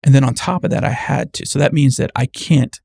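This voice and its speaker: A man's voice: medium pitch, brisk, gravelly, dark tone, husky, no room sound, clean studio sound. A man who works in medicine, speaking as a guest in an earnest, casual conversation and explaining things plainly.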